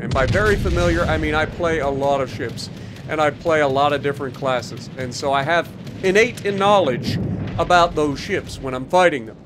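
Tired man commenting on gameplay, slightly high voice. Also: noisy background. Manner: casual, self-deprecating, explanatory. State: tired, yawning. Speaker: gaming YouTuber.

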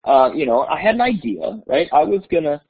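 A man who is an educator, presenting in a webinar as an animated storyteller who repeats words as he goes. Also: on the high side, a little fast, breathy edge. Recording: tinny phone-like webinar audio.

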